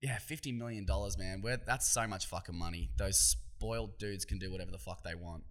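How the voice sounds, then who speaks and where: Forceful Australian man ranting on a podcast. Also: low voice, fairly even intonation, a little fast. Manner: profane, opinionated, rambling with restarts. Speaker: podcast host. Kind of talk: casual solo podcast rant.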